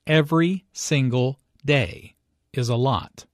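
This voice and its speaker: A man narrates an English lesson at a very slow, measured pace. Every word is carefully enunciated for learners. The recording is dry and close. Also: mid-range voice, expressive, no room sound. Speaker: English teacher and dialogue reader. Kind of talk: scripted language lesson narration.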